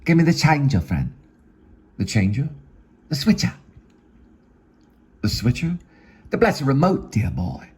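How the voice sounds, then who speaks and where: A man's voice: medium pitch, huge pitch swings, normal speed, darkish tone, husky, pitched above the performer's own voice, exaggerated voice. A man voicing a pompous, eccentric man in a hunting costume who talks in an old-fashioned, genteel way. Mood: haughty.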